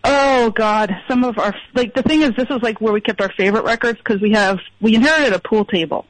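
A woman from Pennsylvania calls in to a radio show, speaking haltingly with lots of ums and small apologies. Her voice sounds close and dry, without any room echo. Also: fairly high pitch. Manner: hesitant and apologetic, many ums, giggly. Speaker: caller. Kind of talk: phone-in chat.

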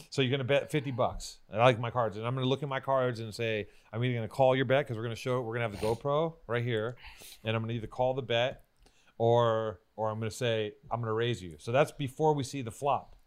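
A man hosting in casual banter, explaining at length and laughing often. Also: medium pitch.

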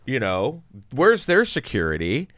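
A man from San Antonio, a podcast guest, telling a story in casual chat with an animated, joking manner. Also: medium pitch, measured pace, no room sound, studio quality. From San Antonio, Texas.

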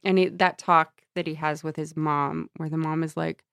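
Gravelly woman, blunt podcast banter. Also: low-pitched, flat delivery, normal speed, fairly bright tone, dry recording, studio quality. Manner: blunt, swears casually. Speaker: podcast co-host. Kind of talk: casual book club chat.

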